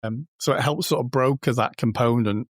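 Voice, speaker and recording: A man's voice: mid-range voice, normal speed, dry recording. A man, a guest on an interview podcast, talking in a chatty, informal way and acting out little quoted exchanges. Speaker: podcast guest, booking company co-founder. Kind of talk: casual conversational interview.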